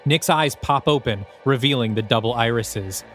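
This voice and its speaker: A man's voice: medium pitch, normal speed, fairly bright tone, faint music behind. A man, the host of a podcast, reading his own screenplay aloud with dramatic, descriptive present-tense narration.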